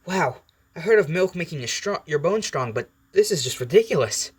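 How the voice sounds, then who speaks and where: A man voicing a wisecracking, manic male mercenary antihero in a loud, high, jokey voice, as he retells a story. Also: animated, moderate pace, husky. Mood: smug.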